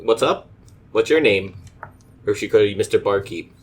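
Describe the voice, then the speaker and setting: A man's voice: lowish voice, lively intonation, moderate pace, husky. A man playing a tabletop game, joking and playful in casual chat. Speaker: player.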